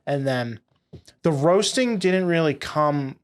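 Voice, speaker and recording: Slow-paced and a little high in pitch, a young man from Boston spins stories as a company founder guest in a casual interview. He's animated throughout, dropping swear words and acting out what people said.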